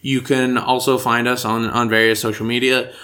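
A man's voice: mid-range voice, little pitch movement, bright, forceful tone. A young man hosting a podcast in casual chat, upbeat and teasing. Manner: upbeat, teasing, quick to laugh. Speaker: podcast host.

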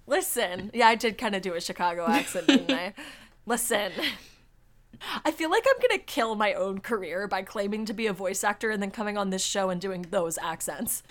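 A chatty woman hosting a podcast, speaking at a middling pitch. She talks quickly and fills her sentences with "like." She also reads articles aloud in a loose, casual way. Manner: chatty, fast, full of "like" fillers and laughs. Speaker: podcast host.

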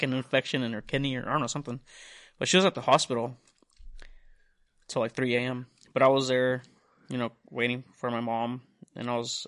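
A man's voice: medium pitch, a bit bright. A young man on a casual podcast, telling a long rambling story full of swearing and quoted dialogue. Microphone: studio mic.

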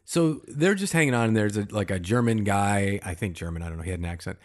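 A man's voice: lowish voice, quick pace. A man co-hosting a casual chat, telling a rambling story with lots of restarts and fillers. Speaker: podcast co-host.

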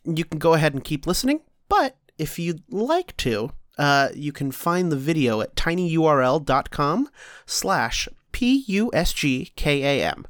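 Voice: medium pitch, no room sound, studio quality. A podcast host talking in a laid-back, teasing way during casual comedic chat.

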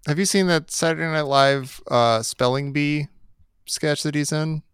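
A man's voice: a little high, steady tone, fairly bright tone, smooth, no echo, clean studio sound. A man co-hosting a podcast, chatting casually with many restarts and easy laughs. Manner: halting, restarts a lot, laughs easily. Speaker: podcast co-host. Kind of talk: casual chat.

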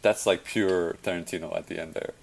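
A man with a very low voice chats loosely about movies. He rambles and restarts his sentences, filling gaps with "like" and "um.". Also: fairly even intonation, fairly quick, creaky, poor audio. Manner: rambling, many fillers and self-corrections. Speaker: conversation partner. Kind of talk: casual chat about films.

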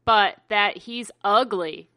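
A woman co-hosting a casual chat, joking around in a playful, deadpan way. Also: mid-range voice, slow, dry recording, clean studio sound. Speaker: podcast co-host.

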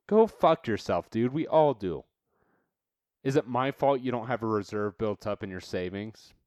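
A man's voice: on the low side, moderate pace, a little mellow, no room sound, clean studio sound. A man hosting a podcast, delivering a profane, fired-up motivational rant, blunt and swearing constantly as he calls listeners dude. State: worked up and irritated. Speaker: podcast host.

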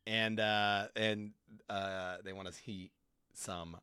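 A man with a fairly low but bright, forward voice hosts a relaxed podcast chat with his cast. He is easygoing, laughs a lot and fills his talk with "uh"s. The sound is dry and close. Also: takes it slowly, clean tone, no room sound. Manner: easygoing, laughs often, filler-heavy. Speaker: host and game master.

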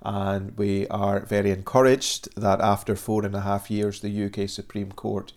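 A man in his forties from Scotland, with a Scottish accent tinged with Northern Irish, explaining the work of a Christian charity as a guest in steady, formal answers. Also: lowish voice, moderate pace. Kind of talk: measured interview answers.

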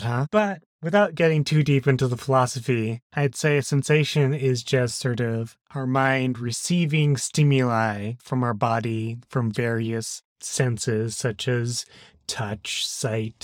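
A man's voice: mid-range voice, steady tone, takes it slowly, no echo, studio quality. A man co-hosting a podcast in casual chat, improvising freely without a script. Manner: laid-back, improvising freely. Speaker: podcast co-host.

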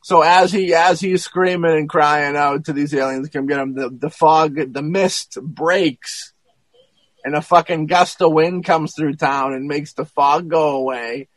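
A man in casual podcast chat, retelling a film plot in a rambling, profane and animated way, with many restarts. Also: a little high, unhurried, dry recording, rough recording.

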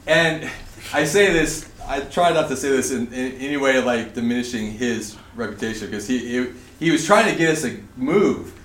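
A man in his thirties speaking to a group, telling an animated story and laughing through it. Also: medium pitch, normal speed, far from the mic. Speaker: conference speaker. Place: large indoor hall at a retreat facility. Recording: echoey hall, faint room noise.

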